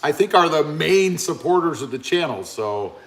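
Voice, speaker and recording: A man hosting a live stream in an easygoing, chatty way, reading viewer comments aloud one after another. His pitch is a little higher than most men's and swings widely as he talks. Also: lively intonation, moderate pace. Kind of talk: casual live stream chat.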